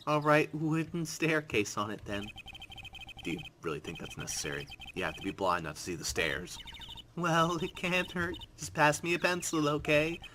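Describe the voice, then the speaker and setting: A man's voice: a little high, noisy background. A man hosting a let's play, reading game text aloud with wry, sarcastic asides. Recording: game music underneath.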